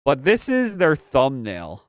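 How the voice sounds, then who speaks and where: A man's voice: mid-range voice, huge pitch swings, takes it slowly, no echo, clean studio sound. A young man hosting a live stream, chatting casually about games and movies, rambling and repeating himself in slangy talk. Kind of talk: casual pop-culture commentary.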